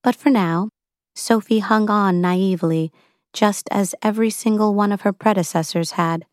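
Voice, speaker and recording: A woman's voice: medium pitch, moderate pace, a little mellow, no echo. Woman narrating an audiobook, dry and close. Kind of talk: scripted narration.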